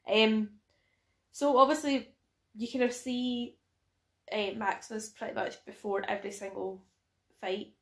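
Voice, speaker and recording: A woman's voice: a little high, steady tone. A Scottish woman co-hosting a podcast in a chatty, teasing way. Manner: chatty, teasing, quick laughs. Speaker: podcast co-host. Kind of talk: casual chat. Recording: echoey room.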